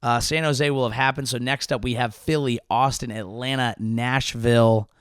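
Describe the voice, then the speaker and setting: A man's voice: medium pitch, fairly even intonation, moderate pace, clean tone, no room sound, studio quality. A man hosting his comedy podcast, delivering a sarcastic, rambling monologue full of restarts.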